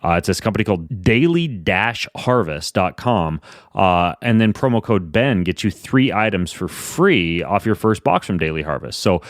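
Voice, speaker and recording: A man's voice: low voice, no room sound, clean studio sound. A man hosting a podcast, reading sponsor ads casually with quirky, self-mocking jokes. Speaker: podcast host. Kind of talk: casual podcast intro and ad read.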